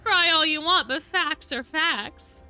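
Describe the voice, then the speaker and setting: A woman's voice: high voice, takes it slowly, pushed and bright, faint music behind, voice pushed up, full character voice. A woman voicing a blunt teenage boy who taunts a classmate. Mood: mocking. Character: mocking teenage boy student.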